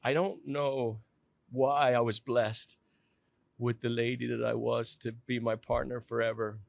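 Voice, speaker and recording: Middle-aged man, emotional storyteller, halting restarts, close dry mic, mid pitch. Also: flat delivery, gravelly, dry recording. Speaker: company president telling his story as podcast guest. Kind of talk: candid conversational storytelling.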